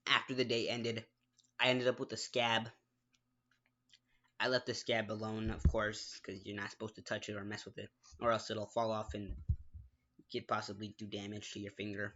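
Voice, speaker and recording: A man's voice: fairly low pitch, fairly bright tone, highs cut off. A man telling a personal story in a casual, rambling way, restarting sentences, making his own mouth sound effects and often apologizing. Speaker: gaming vlogger.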